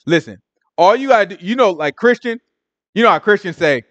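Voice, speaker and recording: Animated colloquial male Bible teacher. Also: sits high, a little fast, dry recording, muffled recording. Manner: animated, colloquial, mimics people in different voices. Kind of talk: casual sermon teaching.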